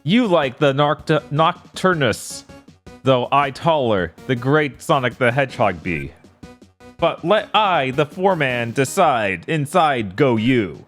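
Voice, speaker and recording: A man's voice: mid-range voice, big pitch swings, takes it slowly, fairly bright tone, faint music behind. A man voicing a pompous male alien foreman who talks in backwards word order, in a game playthrough.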